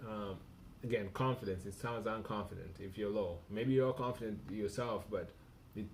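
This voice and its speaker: A man's voice: lowish voice, normal speed, a little hiss or hum. A man coaching a cold caller on a live stream, bluntly and with lots of repetition as he reviews a recorded call. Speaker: cold-calling sales coach.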